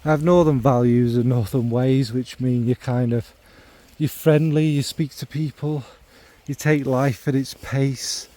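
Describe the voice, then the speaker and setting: He's a middle-aged fragrance vlogger from England's North Midlands, giving a casual spoken monologue that wanders into asides and leans on ums. He pokes fun at himself often, and his warm, mellow voice stays at an ordinary pitch with a steady tone.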